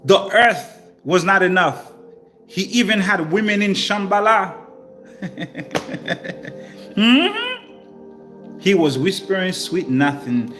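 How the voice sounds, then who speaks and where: A man's voice: high-pitched, slow pace, pauses often, faint music behind. A man reading scripture verses aloud and breaking in with playful slang commentary and repeated asides. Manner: repeats phrases, animated asides. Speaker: teacher. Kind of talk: informal scripture teaching.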